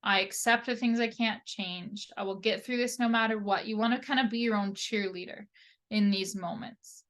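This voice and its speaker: A woman occupational therapist teaching in an easygoing, conversational way. Her voice sits at an ordinary middle pitch, and she often checks in with a quick tag question. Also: steady tone, fairly bright tone. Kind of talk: presenting a lesson.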